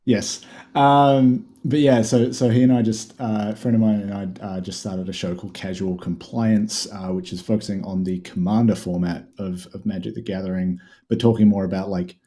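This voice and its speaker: A relaxed New Zealand man in his thirties chats on a podcast over a call. His voice sits low and sounds warm and mellow. He drifts along with plenty of ums. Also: normal speed, few pauses. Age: 30s. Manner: relaxed, many filler ums. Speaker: podcast guest. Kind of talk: casual podcast chat.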